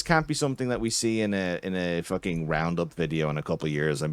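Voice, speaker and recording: A man with a lowish voice holds forth as a podcast host, heated and profane, building into rants as he talks. The sound is dry and close, with no room around it. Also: lively intonation, quick pace, few pauses, smooth, no echo. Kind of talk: casual political chat.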